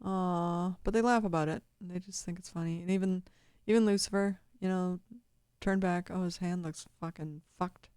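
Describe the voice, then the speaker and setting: A woman rambles through casual video commentary, cursing freely and laughing often. Her voice is low-set, mellow and smooth, recorded close and dry. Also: fairly even intonation, moderate pace, few pauses, no echo.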